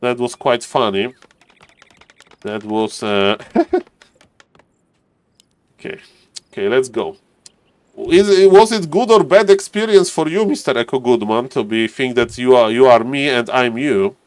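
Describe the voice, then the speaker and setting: A man's voice: mid-range voice, expressive, measured pace, pauses often, smooth, dry recording. A man casually commentating a live strategy game, chatting to viewers and players as he goes. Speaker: esports caster.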